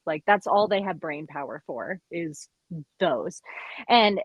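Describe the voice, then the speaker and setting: A woman who works as a midwife, chatting on a podcast and telling stories in an animated way, acting out what people said. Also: fairly low pitch, slow, breathy edge, no echo, dull audio. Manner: animated storyteller, quotes people in lively voices. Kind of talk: casual chat.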